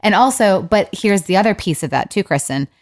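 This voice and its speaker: A woman's voice: medium pitch, animated, fairly quick. A woman co-hosting a podcast, telling a personal story in a candid, rambling way. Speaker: podcast co-host. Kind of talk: casual chat.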